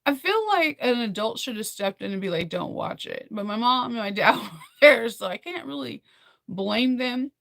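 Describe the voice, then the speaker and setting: Young woman vlogger, rambling and animated, a bit high with some fry. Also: normal speed, no room sound, clean studio sound. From United States. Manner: rambling, animated storytelling with many fillers and laughs. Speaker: vlogger recapping a film. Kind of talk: casual chat.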